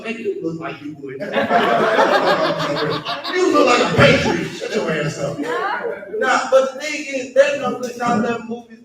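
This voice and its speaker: A man hosting a comedy show and doing crude, rambling stand-up, often talking to the crowd. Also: very high-pitched. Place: comedy club stage. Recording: echoey club room picked up from a distance.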